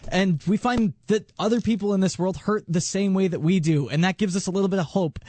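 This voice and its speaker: A man's voice: sits high, a little fast, dark tone. A man co-hosting a radio show, speaking frankly and plainly to console his partner. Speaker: radio co-host. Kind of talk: radio talk.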